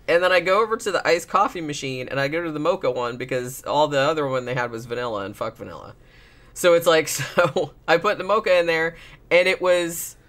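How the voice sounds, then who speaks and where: Brief: hoarse woman podcast co-host, forceful bright tone, blunt, swears, laughs easily. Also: sits low. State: hoarse from a cold. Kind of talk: casual chat.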